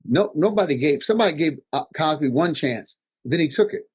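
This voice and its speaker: An older guest comedian offers motivational advice in conversation, an animated storyteller who acts out what people said to him. His voice is fairly high, brisk and husky, heard through dull lo-fi audio.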